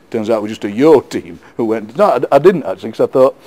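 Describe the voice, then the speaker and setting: A middle-aged man with a Yorkshire accent, a poet being interviewed, telling lively football anecdotes with frequent laughs and repeated words. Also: mid-range voice, brisk. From England. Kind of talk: casual storytelling interview.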